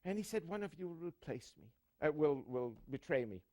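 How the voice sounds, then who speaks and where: A man's voice: on the high side, big pitch swings, brisk, dark tone, pitched above the performer's own voice. A man putting on an Irish priest preaching.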